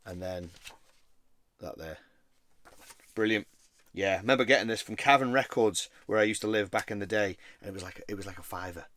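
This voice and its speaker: A man's voice: lowish voice, fairly quick, long pauses, fairly bright tone. A man chatting casually about his record collection, rambling and easily enthused. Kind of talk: casual show-and-tell vlog.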